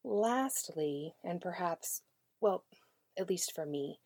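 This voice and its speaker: A woman's voice: on the low side, lively intonation, slow, darkish tone, dry recording. A woman early childhood educator giving an instructional talk to caregivers, speaking emphatically, repeating key words and addressing the listener directly.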